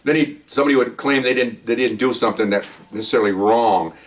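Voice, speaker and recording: An older man, a retired cop, talks quickly and keeps drifting into jokey side stories. He keeps checking in with "okay?" and "you know" as he goes. His voice sounds a bit distant from the microphone. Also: mid-range voice. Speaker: retired police officer telling stories. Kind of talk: casual storytelling monologue.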